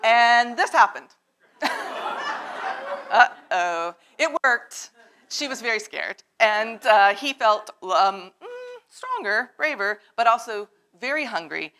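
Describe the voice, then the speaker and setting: Animated woman reading a storybook aloud. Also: medium pitch, measured pace. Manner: animated, asks the children to join in. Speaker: storyteller at a children's time in worship. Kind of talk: reading a picture book aloud to children. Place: church sanctuary.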